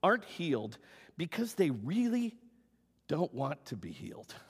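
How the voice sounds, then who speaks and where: A man's voice: a little high, unhurried, creaky, slightly rough. A man preaching a sermon as pastor in a church, acting out the story's characters. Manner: animated, acts out the story's characters. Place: church sanctuary. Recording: long hall reverb.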